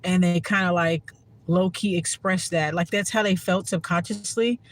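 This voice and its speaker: A woman's voice: on the low side, fairly even intonation, normal speed. A woman giving a heartfelt, profane casual monologue to her viewers as a spiritual content creator.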